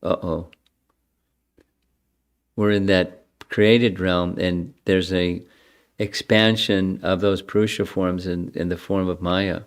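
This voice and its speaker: Low, slow older man teaching scripture. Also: steady tone, smooth. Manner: chants verses, then explains them, conversational. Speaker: spiritual teacher giving a scripture class. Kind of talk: scripture lecture.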